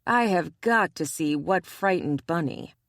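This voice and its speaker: A woman's voice: on the low side, expressive, a little slow, no room sound, studio quality. A woman voicing an eager, teasing young woman in an audiobook. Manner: eager, grinning.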